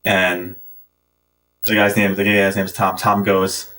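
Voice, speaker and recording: Male game streamer, lower voice, distant mic, meandering storyteller. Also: flat delivery, measured pace, sharp tone, a little hiss or hum. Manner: rambling anecdotes, many fillers and restarts. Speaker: gaming streamer. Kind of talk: casual storytelling while playing.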